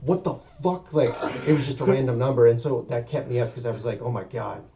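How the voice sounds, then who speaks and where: A man co-hosting a casual podcast, chiming in with quick reactions and jokes. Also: medium pitch, warm tone. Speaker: podcast co-host. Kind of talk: casual chat. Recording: dull, distant mic with faint room noise.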